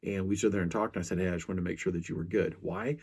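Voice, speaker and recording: Middle-aged male podcast host, deep husky voice, earnest storyteller. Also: fairly even intonation, rapid-fire, a little mellow. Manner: earnest storytelling, frequent restarts. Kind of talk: casual podcast monologue.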